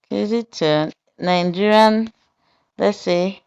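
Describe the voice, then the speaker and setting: A woman hosting a software tutorial, explaining each step deliberately and pausing with fillers as she goes. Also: fairly low pitch, animated, clean tone. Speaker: tutorial host. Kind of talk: screen-recorded software tutorial narration.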